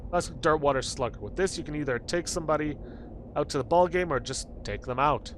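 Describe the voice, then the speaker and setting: A man voicing a gruff, stuffy male baseball coach who talks in a brisk, blustering way. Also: fairly high pitch, fairly bright tone, slight background noise, lightly acted.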